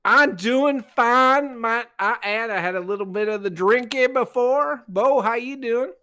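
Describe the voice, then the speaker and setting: A man's voice: very high voice, a little slow, pushed and bright, smooth. A man co-hosting a podcast in casual chat, with a folksy, joking delivery. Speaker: podcast co-host.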